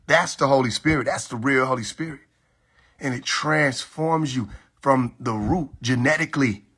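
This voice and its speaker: A man's voice: mid-range voice, moderate pace, fairly bright tone, slightly rough. A man hosting a live stream, preaching casually and emphatically, repeating his points and asking rhetorical questions into a phone mic.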